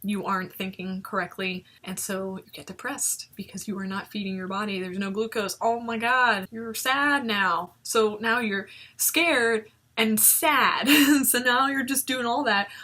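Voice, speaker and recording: A woman's voice: medium pitch, fairly even intonation, a little slow, few pauses, sharp tone. A young woman looking back on an old video of herself, talking casually and animatedly, with self-mocking humor and frequent laughs. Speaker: vlogger reviewing her old video. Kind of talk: reflective casual commentary.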